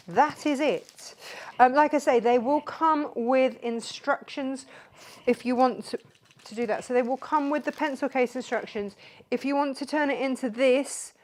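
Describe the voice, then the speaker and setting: A woman hosting a live craft demonstration, chatty and rambling as she greets viewers by name. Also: fairly high pitch. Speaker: craft show host.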